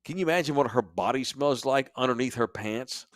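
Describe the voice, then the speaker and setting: A man's voice: mid-range voice, a little fast, no room sound, clean studio sound. A man co-hosting a podcast, telling a crude, mocking travel story with lots of profanity. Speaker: podcast co-host. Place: sports bar studio.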